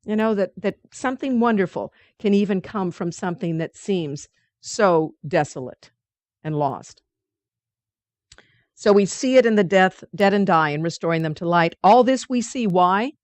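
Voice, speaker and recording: A woman teaching a weekly spiritual study group, reading passages slowly and explaining them earnestly, with frequent restarts. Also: medium pitch, expressive, dry recording.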